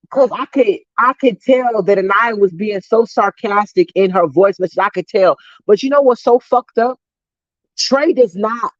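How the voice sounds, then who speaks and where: A woman's voice: mid-range voice, no room sound. Woman ranting heatedly, dull dry audio. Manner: heated, profane, rapid-fire ranting. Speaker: commentary vlogger. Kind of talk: ranting commentary vlog.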